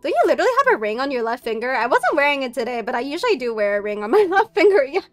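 A young woman with a high voice chats casually on her stream, spilling a story full of fillers and quick laughs. Faint music plays behind her. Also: very animated. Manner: chatty storytelling, many fillers, frequent laughing. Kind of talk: casual chat.

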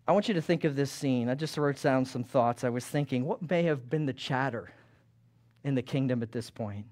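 A male pastor preaching a fervent sermon, building to loud emphasis and acting out the chatter of townspeople. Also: mid-range voice, normal speed. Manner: acts out townspeople's chatter in lively voices.

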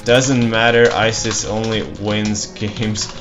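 This gameplay commentator talks slowly in a lowish, flat voice while playing his own strategy match. His casual, rambling remarks are self-deprecating and drily sarcastic. Faint music sits behind a dull, lo-fi mic sound.

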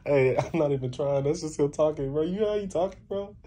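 A man's voice: a little high, fairly quick, warm tone. A man in a comedy skit, mocking and teasing in slangy banter. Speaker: comedy sketch actor.

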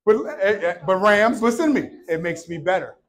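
Male pastor, high voice, casual joking sermon delivery in a church. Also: fairly quick. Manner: playful, conversational preaching with call-and-response. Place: church sanctuary. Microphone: handheld or worn microphone.

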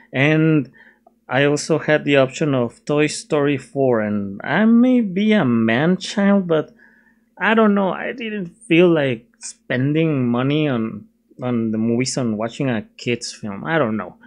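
A man's voice: a little high, lively intonation, slow. A young man casually reviewing a film while sketching at his desk, chatty and self-mocking, laughing often. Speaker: video reviewer.

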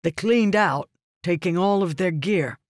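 A man's voice: high voice, a little slow, no room sound, studio quality. A man voicing a stern, honor-bound male guard captain who speaks firmly and earnestly. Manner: firm, raised, earnest.

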